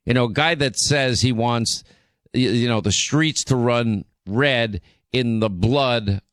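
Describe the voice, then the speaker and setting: A man's voice: medium pitch, a bit bright, clear, resonant tone, no echo. Indignant male talk radio host, dry studio. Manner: indignant, emphatic, rambling with restarts.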